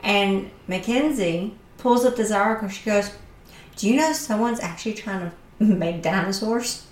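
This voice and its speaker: A woman chatting casually as co-host, telling stories with animated quoted voices. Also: medium pitch, normal speed, far from the mic. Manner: animated storyteller. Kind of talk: casual chat. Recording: echoey room with faint ambience.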